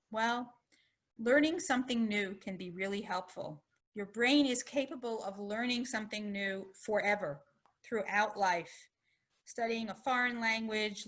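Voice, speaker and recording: A woman physician gives a public health lecture in a bright, forward voice that sits on the high side. She explains things in a friendly, conversational manner, occasionally slipping in a brief personal story.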